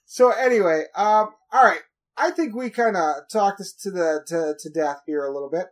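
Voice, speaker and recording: A man's voice: high voice, normal speed. Chatty man hosting a podcast. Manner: rambling, chatty storytelling with frequent fillers. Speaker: podcast host. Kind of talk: casual podcast chat.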